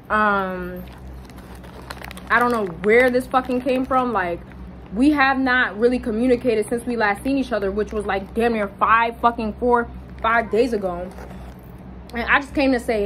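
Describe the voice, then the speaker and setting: A young woman casually telling a personal story, animated and swearing, jumping up high when she quotes people. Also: normal speed, a little hiss or hum, poor audio. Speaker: vlogger.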